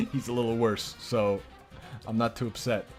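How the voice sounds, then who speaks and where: A man's voice: mid-range voice, measured pace, faint music behind. A man streaming live gameplay, commenting casually in a joking, profane, self-mocking way. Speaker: game streamer.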